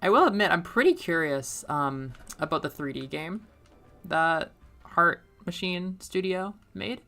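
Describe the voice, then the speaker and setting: A young woman streaming a game and chatting casually, rambling between topics, laughing often and getting suddenly loud when excited. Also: fairly low pitch, unhurried, creaky, soft background music. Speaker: streamer and middle school teacher. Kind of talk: casual chat while playing a game.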